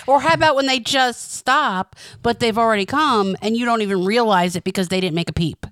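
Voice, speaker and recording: A woman's voice: fairly high pitch, brisk, a bit bright, dry recording, clean studio sound. A woman co-hosting a casual podcast chat, teasing and laughing a lot. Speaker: podcast co-host.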